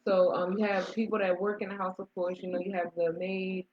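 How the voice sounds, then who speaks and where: A woman's voice: mid-range voice, flat delivery, a little fast. A woman co-hosting a casual movie review, summarizing the plot in a chatty way with restarts. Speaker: co-host of a movie review show. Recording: dull lo-fi sound.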